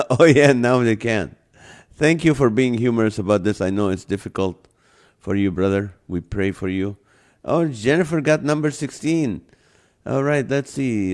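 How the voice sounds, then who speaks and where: Hosting a live show, a man with a non-native English accent goes through a comedy list and talks with his audience. His voice is mid-range and slightly mellow. He keeps things jokey, laughs a lot and calls viewers by name.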